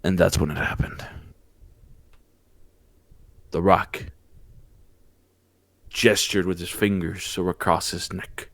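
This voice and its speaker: Animated man recapping a wrestling show. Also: sits low, takes it slowly, pauses often, no room sound. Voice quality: animated storyteller, frequent restarts. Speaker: podcast host. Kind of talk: excited wrestling recap, casual chat.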